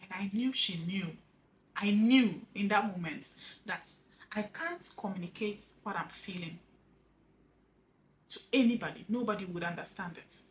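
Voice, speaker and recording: A grieving widow shares a personal story in a heartfelt vlog monologue, speaking in a halting, earnest way, repeating words as her voice drops soft at the ends of phrases. She is emotional, her voice is mid-range, and the audio is poor.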